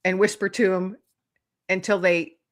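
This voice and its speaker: A middle-aged woman, a guest author, telling lively anecdotes in casual chat, acting out little voices and laughing often. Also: mid-range voice, a little slow. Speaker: guest, author and podcast host.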